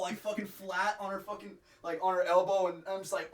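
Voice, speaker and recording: A young man co-hosting a casual podcast, telling stories in an animated, profane way. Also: high voice, moderate pace. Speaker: podcast co-host.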